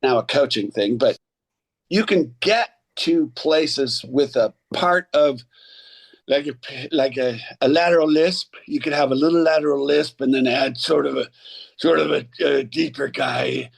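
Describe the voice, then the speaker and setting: A man's voice: medium pitch, unhurried, gravelly, husky. A middle-aged actor and acting coach chatting casually as a podcast guest, rambling and restarting as he tells stories. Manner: rambling, restarts often, animated storyteller.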